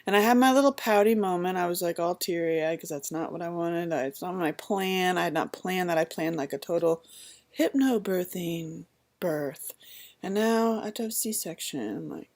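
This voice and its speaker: Lowish woman's voice, thirties, animated storyteller who acts out the people she quotes. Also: normal speed. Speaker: vlogger telling her birth story. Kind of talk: casual storytelling.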